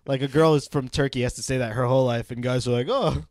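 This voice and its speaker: A young man trades crude, playful podcast banter, swearing freely and laughing often. His voice is mid-pitched and recorded close and dry. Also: fairly even intonation, fast, darkish tone, no echo. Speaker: podcast co-host.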